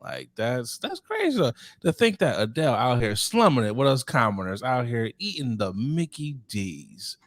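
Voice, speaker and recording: A man's voice: medium pitch, big pitch swings, moderate pace, few pauses. A man co-hosting a casual podcast, joking and swearing freely. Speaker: podcast co-host. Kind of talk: casual chat.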